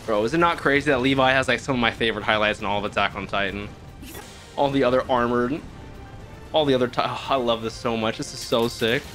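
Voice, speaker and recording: A young man reacts to an anime on camera in casual, slangy talk with the odd curse. His voice jumps from hushed, awed murmurs to loud, excited outbursts. Faint music plays behind him. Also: medium pitch, fast talker. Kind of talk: live reaction commentary.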